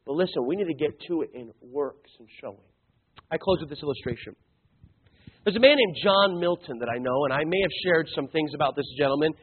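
A male preacher delivering a sermon and telling a story, emphatic, swinging between loud and hushed. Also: fairly high pitch, lively intonation, a little fast, a little hiss or hum. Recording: tinny phone-like sound.

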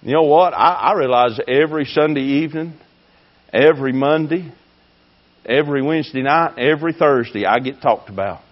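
A man preaching a fiery sermon, swinging between shouting and hushed tones. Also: medium pitch, normal speed, dull audio. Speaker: pastor.

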